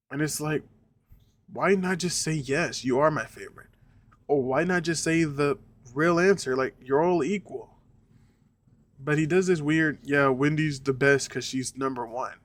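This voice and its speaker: A young man talks through a show review in a loose, casual way. He circles back on his points, restarts sentences, and curses when something bugs him. His pitch sits in an ordinary middle range for a man. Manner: rambling, repeats himself, swears when annoyed. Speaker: reaction reviewer.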